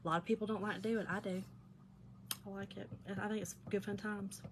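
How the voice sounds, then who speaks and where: A woman's voice: medium pitch, fairly even intonation, quick pace, heavy background noise. A woman hosting a craft livestream, chatting with viewers as she works, laughing often and calling them y'all. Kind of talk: chatty craft demonstration with storytelling.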